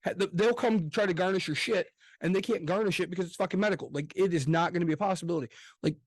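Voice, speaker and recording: Man, podcast co-host, casual chat, profane, emphatic, fast talker, slightly high voice. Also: no room sound. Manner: profane, emphatic, gets loud.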